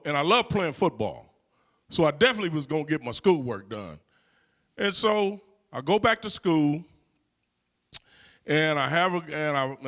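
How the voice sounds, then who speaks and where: Man, middle-aged, from california, somewhat high voice, relaxed storytelling, lots of "you know". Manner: conversational, frequent "you know" fillers. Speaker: guest. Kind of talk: personal storytelling.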